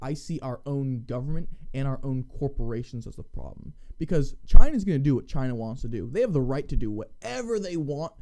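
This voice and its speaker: A man's voice: mid-range voice, expressive, brisk, few pauses, dark tone. A man co-hosting a political podcast, speaking in a heated, emphatic way and repeating words as he builds his point. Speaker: podcast co-host. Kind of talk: casual political commentary.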